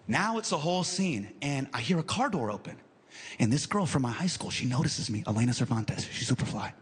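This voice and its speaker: A man doing animated stand-up storytelling on a live stage, acting out the people in his story. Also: medium pitch, a little fast. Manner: animated, acts out characters. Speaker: stand-up comedian. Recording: loud live crowd and noise.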